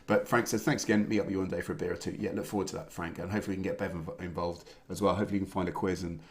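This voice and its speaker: A young man hosts a live online pub quiz, reading answers and then players' scores. His voice sits low, and he talks in a relaxed, rambling way, full of fillers. It sounds like a home computer mic. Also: racing. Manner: relaxed, chatty, many "uh" fillers. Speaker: quiz host. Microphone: home computer mic on a video stream.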